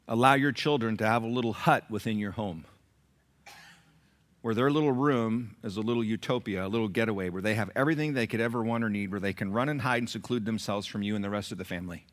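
A man preaching a sermon to a congregation, emphatic and repetitive, jumping from loud peaks to quiet asides. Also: medium pitch, fast. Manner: repeats phrases for emphasis. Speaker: pastor.

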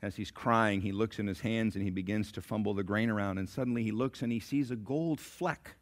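A man preaching a sermon in a church, telling a story dramatically and swinging from hushed to loud. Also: lowish voice, fairly quick. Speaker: pastor. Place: church sanctuary.

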